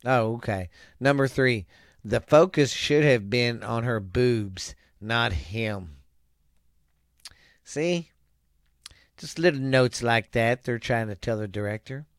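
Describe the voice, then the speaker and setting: A man's voice: mid-range voice, slow pace, long pauses, no echo, studio quality. A man hosting a vlog, reading viewer comments aloud with crude jokes and rambling asides.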